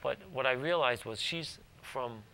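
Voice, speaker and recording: Male guest, gravelly, bright tone, chatty storyteller with restarts. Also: medium pitch, unhurried, slight background noise, rough recording. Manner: rambling, restarts, lots of "like". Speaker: actor, guest. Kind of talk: casual interview storytelling. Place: TV studio.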